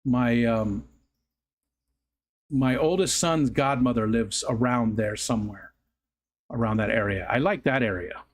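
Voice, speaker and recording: This livestream host is a middle-aged man whose medium-pitched voice moves unhurriedly, with frequent pauses. His chat is casual and full of rambling stories, and he keeps correcting himself and laughing along the way.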